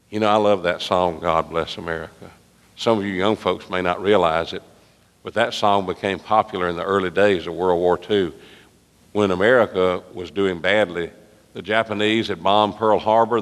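A man preaches in a church, telling folksy stories and rising to high, impassioned cries. His voice is gravelly with fry. The sound rings with a long reverb from the large sanctuary. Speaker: pastor. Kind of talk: sermon with personal storytelling.

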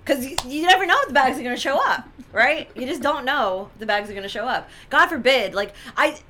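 A young woman telling a story to her followers in casual chat, animated and dramatic, with frequent "right?" asides and exaggerated quoted voices. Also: high voice, brisk, a little hiss or hum. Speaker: social media storyteller.

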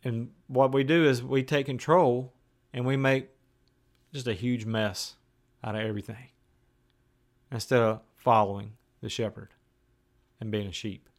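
A male preacher with a mid-range voice delivers a sermon in plain, conversational language. He rises to emphatic, raised declarations and then sinks into hushed, slow asides. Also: medium pitch, fairly even intonation. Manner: conversational, with plain everyday phrases.

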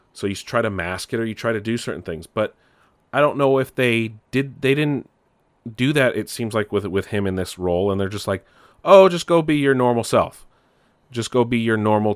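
A man with a lowish voice talks through a game review in a loose, ranting way. He gets exasperated, swears freely and trips over his own sentences. The sound is dry and close, with no room around it. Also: no echo. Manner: exasperated, swears a lot, many restarts.

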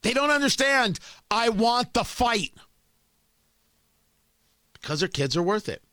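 A man's voice: extremely high pitch, sing-song, measured pace, bright, forceful tone, no room sound. A man hosting a political commentary show, delivering an emphatic, combative opinion monologue full of rhetorical questions.

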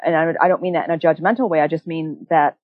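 Woman, interview guest, earnest, animated, restarts sentences, dry close sound. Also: low-pitched, quick pace, dry recording, narrow, tinny audio. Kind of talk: conversational interview.

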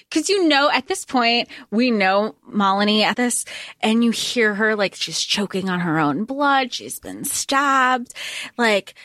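A woman with a fairly high voice talks about books on a casual podcast. She gives her opinions with strong emphasis and laughs easily. The recording is dry and close. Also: fairly bright tone, no room sound. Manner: emphatic, chatty, laughs often. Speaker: podcast co-host. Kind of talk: casual book discussion.

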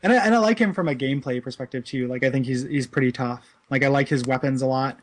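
A man in his thirties co-hosting a casual chat, rambling with many "like"s and "you know"s and laughing easily. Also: mid-range voice. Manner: amused, quick to laugh. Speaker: podcast co-host. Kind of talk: casual chat about a video game.

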